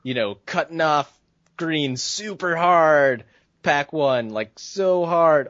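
A man's voice: a little high, slow pace, a bit bright, no echo. A man co-hosting a podcast, ranting in a heated, profane, casual way. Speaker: podcast co-host. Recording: dull, dry lo-fi sound.

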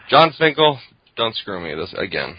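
A man's voice: on the low side, big pitch swings. Joking man on a muffled call. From Canada. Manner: joking, quick banter. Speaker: podcast co-host. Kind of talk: casual chat. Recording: dull muffled call audio.

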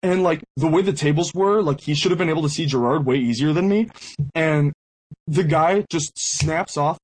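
A man's voice: fairly high pitch, moderate pace, a little mellow, slightly rough, poor audio. A young man hosting a podcast who tells a casual anecdote in a rambling way, with lots of fillers and restarts. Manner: rambling, heavy use of "like" and restarts. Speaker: podcast host.

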